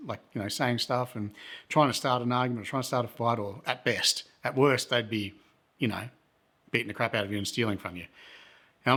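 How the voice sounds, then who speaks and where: A man's voice: medium pitch, a bit bright. A man, a travel vlogger telling a story in a rambling, self-correcting, laid-back way. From Australia. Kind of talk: casual storytelling to camera.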